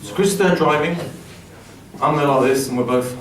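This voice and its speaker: A man telling a rambling story casually, animated and laughing through his lines, swearing freely. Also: fairly high pitch, moderate pace, echoey room, far from the mic, slight background noise. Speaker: storyteller and singer. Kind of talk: casual spoken storytelling with guitar.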